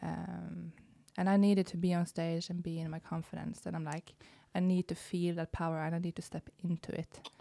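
Creaky Norwegian-accented woman, dry close sound. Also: lowish voice, flat delivery, moderate pace, hardly any pauses, warm tone, no echo. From Norway. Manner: hesitant, many fillers and restarts. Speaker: guest, burlesque dancer. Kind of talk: casual conversation.

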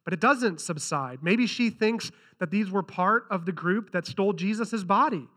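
A man's voice: sits high, lively intonation, normal speed, bright, forceful tone. A man preaching a sermon who reads scripture aloud and earnestly repeats key lines for emphasis. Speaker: pastor.

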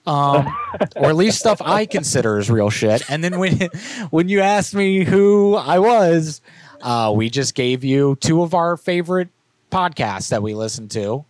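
A man's voice: fairly high pitch, no echo. Profane casual prank-calling man. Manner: loose, profane, laughing. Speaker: prank caller, podcast host. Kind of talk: casual prank call chat.

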